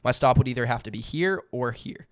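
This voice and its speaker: A man's voice: medium pitch, lively intonation, brisk. A young man with a lilt, talking casually through a trade recap with lots of fillers and repeated words. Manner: jokingly theatrical. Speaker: day trading channel host.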